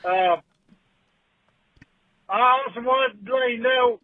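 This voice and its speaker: A man's voice: extremely high pitch, slow, no room sound. A man voicing a crude, folksy old uncle who leaves a rambling, drawling voicemail. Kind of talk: comedic voicemail sketch. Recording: tinny phone voicemail.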